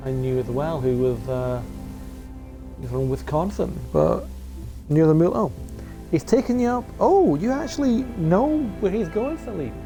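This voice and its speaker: A man's voice: a little high, warm tone. A man casually commenting on a game he plays, joking and chatting with his viewers. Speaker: gaming streamer. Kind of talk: casual let's play commentary.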